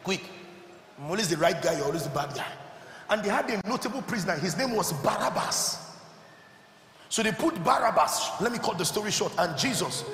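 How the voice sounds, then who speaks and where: A man preaching a sermon who keeps asking the congregation if they are listening and climbs into shouted, fervent exhortation. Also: high-pitched, expressive, fairly quick, slight background noise. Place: large church hall. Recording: echoey hall with music behind.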